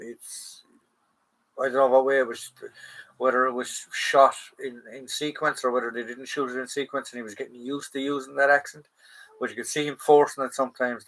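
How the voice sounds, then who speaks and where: A man's voice: medium pitch, creaky, sharp tone, poor audio. Rambling man chatting on a live stream. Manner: rambling, many fillers and restarts. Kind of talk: casual live chat answering viewers.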